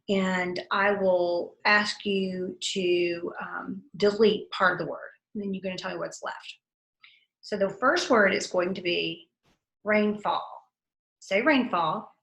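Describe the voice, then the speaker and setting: A woman teacher leading a phonics lesson for young children, saying each word slowly and clearly for the class to repeat. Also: medium pitch, a bit bright. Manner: slow, clearly enunciated word drills. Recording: roomy echo.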